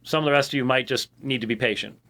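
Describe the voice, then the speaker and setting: Talking at a quick pace, the American ministry program host has a medium-pitched voice that sounds pushed and bright. His casual monologue to the audience rambles, with plenty of fillers and restarts.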